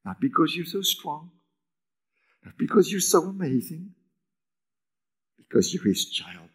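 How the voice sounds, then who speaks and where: A man preaching a sermon as pastor, moving between emphatic lines and hushed near-whispers, with raised, lively pitch when acting out quoted lines. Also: a little slow, slightly rough.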